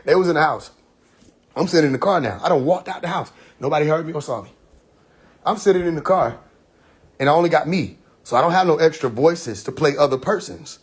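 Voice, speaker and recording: Husky man telling a story with laughs. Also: a little high, fairly quick. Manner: animated, laughing often, acts out quoted dialogue. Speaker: live stream host. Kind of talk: casual storytelling monologue. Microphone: phone livestream.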